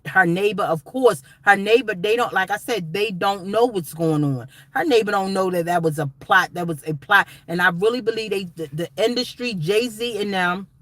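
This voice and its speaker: A woman's voice: medium pitch, pushed and bright, no echo. A woman vlogger talking straight to her viewers in casual commentary, emphatic and rambling, calling them guys and y'all. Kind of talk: casual direct-to-camera commentary.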